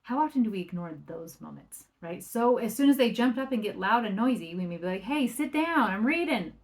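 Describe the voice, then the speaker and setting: A woman's voice: mid-range voice, expressive, a little fast. Chatty woman parenting coach podcasting. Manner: conversational, often adds "right?"; acts out quoted remarks in a livelier or softer voice. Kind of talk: solo podcast talk.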